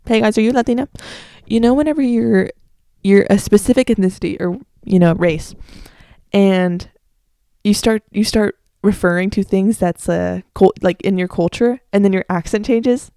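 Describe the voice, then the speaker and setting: Chatty young American woman, warm voice. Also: medium pitch, moderate pace, clear, resonant tone, no echo, clean studio sound. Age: late teens. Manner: chatty and rambling, with many "like"s and self-corrections; strongly opinionated. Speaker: podcast host. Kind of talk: casual solo podcast chat.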